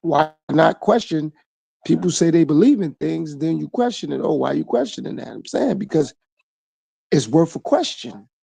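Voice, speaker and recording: A man's voice: fairly high pitch, lively intonation, measured pace, vocal fry, warm tone, breathy edge, no room sound. A man hosting his own podcast, talking through a reflective solo monologue full of repeated phrases and rhetorical questions. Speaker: podcast host.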